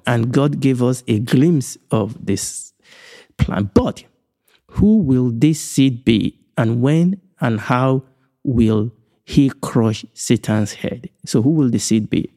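A man from Nigeria teaches the Bible for an online broadcast, and his voice has a warm, mellow tone. His delivery is measured and emphatic, and he circles back to repeat key phrases. He slows down deliberately whenever a point matters most. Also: mid-range voice. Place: indoors, recorded for an online broadcast.

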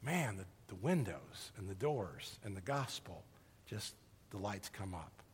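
A man preaching a sermon, retelling a parable with animated storytelling that swings from loud to hushed, in a church hall. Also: lowish voice, measured pace, husky. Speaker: pastor. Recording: long reverb of a large hall.

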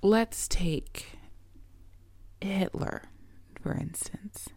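A middle-aged woman hosting her own podcast as a coach, talking in an earnest, reflective way and often dropping to a soft, breathy near-whisper. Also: mid-range voice, extremely slow. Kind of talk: reflective solo podcast talk.

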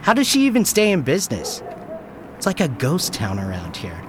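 A man telling a first-person story with a lively, wry delivery. His pitch rises and falls a lot as he narrates. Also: normal speed, noisy background.

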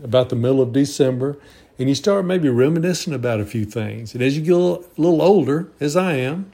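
Older man with a gravelly, mellow voice. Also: medium pitch, expressive, fast. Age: 60s. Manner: earnest, rambling, with restarts. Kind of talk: reflective monologue.

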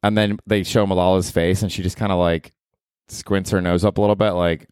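A man's voice: deep voice, little pitch movement, brisk, a little mellow, smooth, no room sound, studio quality. Rambling, profane man in his forties. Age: 40s. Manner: rambling, profane, self-deprecating. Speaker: podcast host and comedian. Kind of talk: casual solo podcast chat. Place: apartment.

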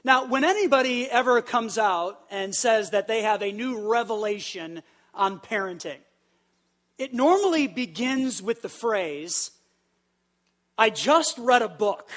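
High-voiced preaching pastor. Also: male voice, measured pace. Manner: lively, leads the crowd in call-and-response. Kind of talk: sermon. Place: church sanctuary with live congregation.

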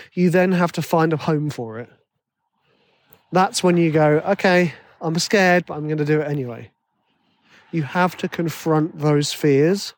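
A chatty man with a slightly high voice talks through his advice in a loose, self-deprecating way. He sounds close to the microphone in a dry space with no echo. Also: darkish tone. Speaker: music composer giving advice. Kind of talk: casual solo monologue.

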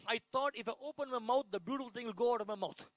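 A man with an Indian accent giving an emotional sermon testimony, repeating phrases and swinging between hushed and loud delivery. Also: very high voice, rapid-fire, no room sound, poor audio. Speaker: preacher giving his testimony.

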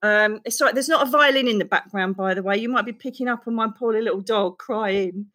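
A woman's voice: mid-range voice, brisk, bright, forceful tone. A woman with an Essex accent, a guest on a chat podcast, effusive and laughing often as she talks. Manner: effusive, laughs often, calls people darling. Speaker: podcast guest, psychic medium. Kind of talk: casual chat.

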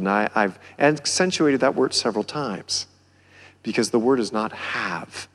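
A pastor with a Southern country accent preaching a sermon, building to near-shouts on key phrases. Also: male voice, medium pitch, very animated, measured pace, breathy edge. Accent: American Southern. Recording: long hall reverb.

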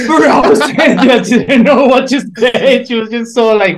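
A young man, a DJ and podcast co-host, talking excitedly in casual chat, swearing often and repeating words. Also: very high voice, takes it slowly.

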